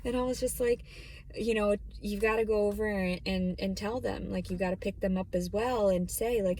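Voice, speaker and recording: A woman's voice: mid-range voice, steady tone, moderate pace, a little mellow, slight background noise. A woman vlogging from her parked car, talking bluntly and rambling, with plenty of swearing. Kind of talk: casual vlog monologue. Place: parked car in a store lot.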